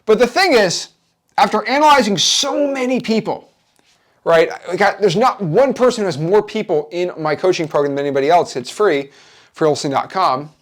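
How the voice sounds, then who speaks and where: A man teaching as a real estate wholesaling coach, with an energetic, repetitive, hyped-up motivational delivery. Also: high-pitched, brisk.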